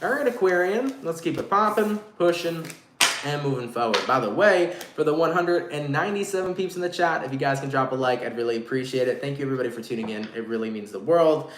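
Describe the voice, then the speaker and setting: A man's voice: a little high, lively intonation, fast talker, a bit bright. A man giving a casual live tarot reading to viewers, talking in slang and swearing freely. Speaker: tarot reader. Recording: echoey room, faint noise.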